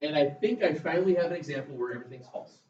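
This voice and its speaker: A male math teacher lectures in a chatty, conversational style, telling his students stories. He talks at a racing pace in a slightly high voice with a darkish tone, far from the mic in a roomy classroom that makes the sound dull.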